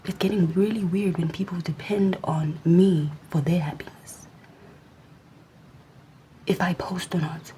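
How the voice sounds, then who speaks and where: Young woman vlogger, whispered sassy rant, mellow tone, light background hiss. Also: mid-range voice, rough recording.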